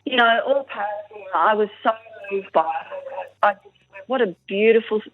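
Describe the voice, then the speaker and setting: A woman's voice: medium pitch, normal speed, vocal fry, a crowd in the background. A woman phoning in to a radio show. She speaks earnestly and agrees often. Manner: warm, earnest, many agreeing yeahs. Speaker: radio caller. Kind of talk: phone-in chat. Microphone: telephone. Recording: narrow phone line.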